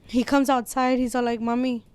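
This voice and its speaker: A woman's voice: on the high side, little pitch movement, moderate pace, darkish tone, smooth, no echo. A young adult woman talking as a guest, telling a personal story frankly, swearing freely and mixing in Spanish phrases. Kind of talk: casual heartfelt storytelling.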